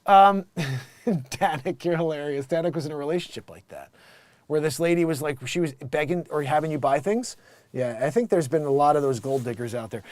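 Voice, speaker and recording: A man hosting a casual comedic commentary show, animated and mocking, slipping into quick voices for the people he describes. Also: a little high, dry recording. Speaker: host.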